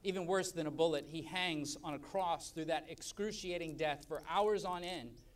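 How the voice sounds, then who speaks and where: A man preaching a sermon as pastor at a church service, emphatic, swelling loud and dropping soft. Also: on the high side, normal speed, far from the mic.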